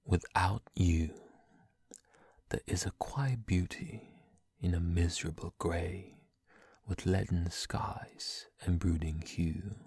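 A young man reading poems aloud in a soft, slow, breathy whisper, in the style of ASMR. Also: deep voice, steady tone, dry recording, clean studio sound. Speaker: poetry reader.

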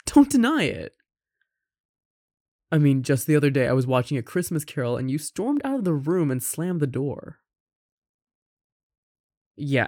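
Casting: a performer playing a tender, caring roommate confessing love, unhurried delivery, dry close sound. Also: medium pitch, no room sound. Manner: soft, tender, with gentle laughs and sighs. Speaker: audio roleplay performer. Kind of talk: romantic audio roleplay addressed to the listener.

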